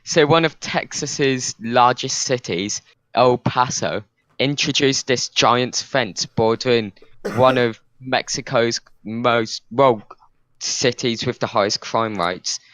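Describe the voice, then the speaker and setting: A young British man argues his case on a podcast, circling back and restarting as he talks. His voice sits at an ordinary middle pitch. The recording is very dry, close and without room sound. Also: slow, a bit bright, no echo. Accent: British English. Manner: argumentative, rambling with restarts. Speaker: podcast co-host. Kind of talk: casual debate chat.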